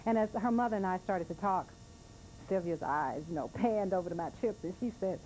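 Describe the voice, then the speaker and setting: An earnest woman reads her poetry and tells stories, full of feeling and drawing out her lines. Her voice is mellow and warm, with faint noise behind it. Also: fairly low pitch, rough recording. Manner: earnest, emotional, with slow drawn-out lines. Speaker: poet and speaker. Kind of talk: poetry reading and storytelling to an audience.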